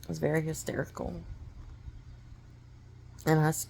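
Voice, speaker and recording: A woman's voice: deep voice, flat delivery, normal speed, gravelly, a little mellow, slight background noise. A woman giving a personal testimony, telling her story in an earnest, emotional way.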